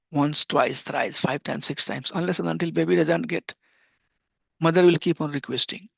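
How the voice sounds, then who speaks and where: A man's voice: fairly high pitch, fairly even intonation, moderate pace, creaky, breathy edge, no echo. A middle-aged man teaching a devotional class earnestly, repeating phrases for emphasis. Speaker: spiritual teacher. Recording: dull lo-fi dry recording.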